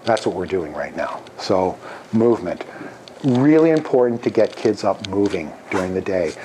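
A man's voice: sits low, moderate pace, a little hiss or hum. A middle-aged man, a music education professor, leading an interactive workshop and breaking into sung demonstrations in a workshop room, picked up from a distance. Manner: animated, demonstrates by singing and chanting. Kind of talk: interactive workshop talk with singing.

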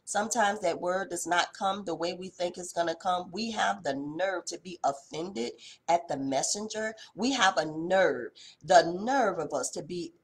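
A woman giving an impassioned devotional message, swinging between loud exhortation and hushed intensity, with a colloquial, folksy way of speaking. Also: lowish voice, measured pace, husky. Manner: colloquial, uses folksy address. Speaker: preacher.

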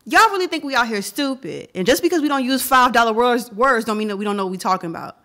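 A woman's voice: a little high, quick pace, a bit bright. A woman co-hosting a podcast in casual chat, outspoken and emphatic. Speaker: podcast co-host.

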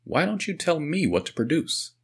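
A man's voice: fairly high pitch, sing-song, normal speed, slightly rough, pitched above the performer's own voice, full character voice. A man reading the lines of a cynical, sarcastic male theater manager in an audiobook, in a challenging, needling tone.

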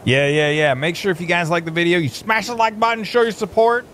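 Goofy high-voiced man gaming host. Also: steady tone, a little fast, fairly bright tone, a little hiss or hum. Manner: goofy, playful banter, jokes around. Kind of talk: casual co-op gameplay commentary.

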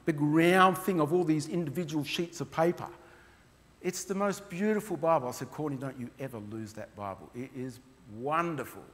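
A man telling heartfelt stories while presenting his mission work to a church. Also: sits high. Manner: earnest, heartfelt storytelling. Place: church hall. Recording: long reverb of a hall.

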